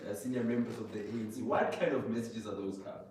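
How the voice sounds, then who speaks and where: A male interviewer asking quick, slightly halting questions. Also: fairly low pitch, a little mellow. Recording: echoey room, distant mic, faint noise.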